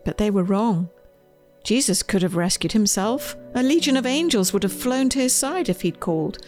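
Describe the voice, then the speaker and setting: A woman, the author, reading her children's storybook aloud in a gentle, expressive way, with faint music behind. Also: medium pitch, normal speed.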